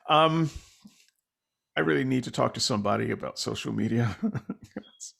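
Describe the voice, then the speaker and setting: Gravelly-voiced man hosting a podcast. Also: medium pitch, normal speed, fairly bright tone. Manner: rambling, self-deprecating, with many fillers. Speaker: podcast host. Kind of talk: casual conversational interview.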